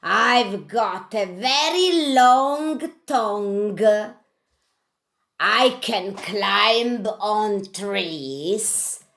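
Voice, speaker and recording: A woman's voice: medium pitch, expressive, drawn-out words, gravelly, a bit bright, heavily acted. A woman voicing a cheerful male chameleon puppet in simple phrases for children. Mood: chirpy.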